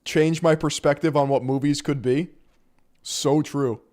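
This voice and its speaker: A man with a slightly raised voice comments on clips in a loose, joking way. He laughs often and throws in quick asides. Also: fairly high pitch, steady tone, darkish tone. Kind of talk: casual reaction commentary.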